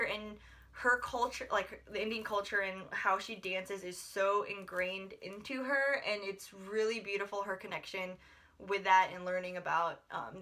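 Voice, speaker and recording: Young woman from the us gushing about a book, bright voice, rambly and chatty, says like a lot. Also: mid-range voice. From United States. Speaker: book reviewer. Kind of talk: casual book review vlog.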